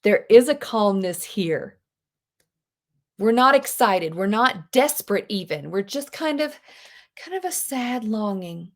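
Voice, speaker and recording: A woman teaching a live online English class, chatty and expressive, with unhurried explanations. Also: medium pitch. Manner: chatty, expressive, reads lines aloud dramatically. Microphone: video call.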